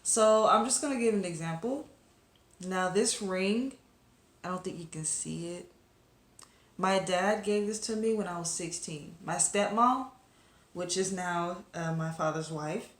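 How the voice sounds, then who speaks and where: A woman's voice: lowish voice, slow, pauses often, echoey room. A woman reviewing a webcomic episode to camera in a casual, rambling chat full of fillers and asides to her viewers.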